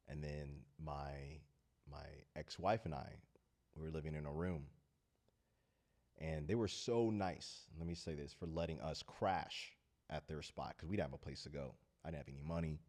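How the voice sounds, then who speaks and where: A man with a remarkably deep, low voice hosts an unscripted talk, speaking earnestly to his audience. He tells stories in a loose, meandering way, sincere and from the heart. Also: a little slow, long pauses, darkish tone. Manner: loose, rambling storytelling. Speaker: host of a talk channel. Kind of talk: casual heartfelt monologue.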